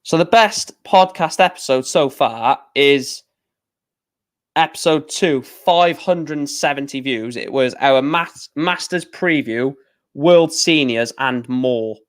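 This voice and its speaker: A man's voice: medium pitch, slow. Young man rambling on a livestream. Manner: rambling, self-correcting; reads out match scores. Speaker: livestream host. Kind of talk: casual livestream chat.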